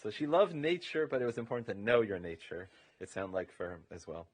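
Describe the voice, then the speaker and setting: Male rabbi, mid-pitched, informal funeral eulogy, meandering and full of fillers. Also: slightly rough. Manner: informal and meandering, leaning heavily on "you know". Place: funeral home chapel.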